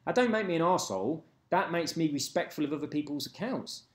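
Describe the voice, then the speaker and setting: A man's voice: on the high side, expressive, fast talker. A man reading out comments in a blunt, sweary, casual rant. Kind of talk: casual ranting chat. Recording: roomy echo.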